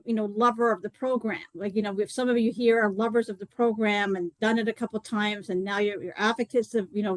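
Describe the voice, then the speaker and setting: A woman's voice: a little high, no room sound, low-quality recording. Chatty woman with a dry close sound. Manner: chatty and rambling, many "like" and "you know" fillers. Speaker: co-host presenting a detox program. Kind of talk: live online talk, personal story.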